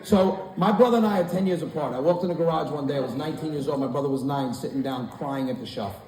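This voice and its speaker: A man's voice: a little high, fast, background noise. A man in his forties doing a stand-up comedy set before a live audience in a large hall, telling profane stories brashly. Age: 40s. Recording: echoey hall, far-off mic, crowd laughter.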